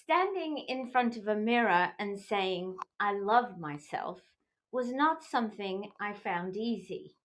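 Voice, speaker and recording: A middle-aged woman hosting a podcast, talking slowly and earnestly in an encouraging motivational tone. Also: mid-range voice, expressive, low-quality recording. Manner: slow, earnest and encouraging, with small restarts. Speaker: podcast host. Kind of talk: motivational talk.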